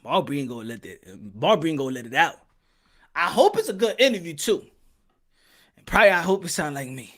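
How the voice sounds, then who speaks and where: A male podcast host riffing in casual commentary, swearing freely and clearly amused. His pitch jumps around a lot, and his voice is bright and forceful. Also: a little fast, long pauses. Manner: animated, profane, laughing storytelling.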